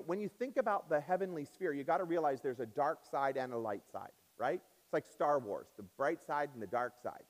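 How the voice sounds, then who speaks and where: A man preaching a sermon as pastor in a church, swinging up and down in pitch and loudness and stretching out key words. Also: big-room sound. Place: church sanctuary.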